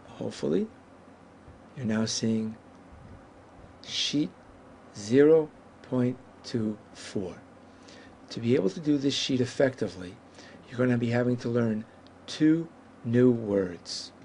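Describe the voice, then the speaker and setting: A male Hebrew teacher talks through a lesson at an unhurried pace, with a gravelly edge to his voice. He explains patiently and says each word slowly and with care. A faint hiss sits under the recording. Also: medium pitch, dark tone. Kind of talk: whiteboard language lesson.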